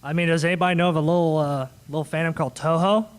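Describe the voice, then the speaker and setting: High-voiced joking man moderating a panel. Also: fairly even intonation. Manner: joking, laughing, quick asides. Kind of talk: casual convention panel chat. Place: convention panel room.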